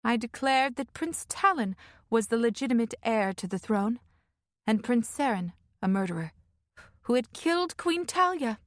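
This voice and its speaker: Woman narrator doing a sly, throaty older noblewoman in a fantasy audiobook, dry and in control, speaking low in a dry booth. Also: expressive, normal speed, dry recording, close to an everyday voice. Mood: wry. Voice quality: low throaty laugh, soft regional lilt.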